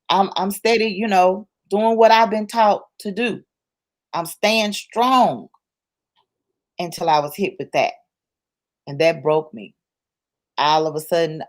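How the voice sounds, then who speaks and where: This interview guest, a woman with a voice that sits low, tells a personal story in conversation. She talks in a colloquial, church-rooted way, repeating herself emphatically to build each point.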